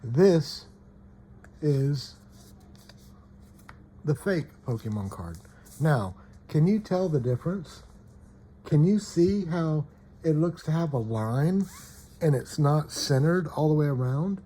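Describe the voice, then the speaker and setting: A man's voice: on the high side, expressive, takes it slowly, long pauses, dark tone, slight background noise. A man casually showing trading cards, often checking "okay?" and trailing off mid-sentence. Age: adult parent. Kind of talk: casual show-and-tell.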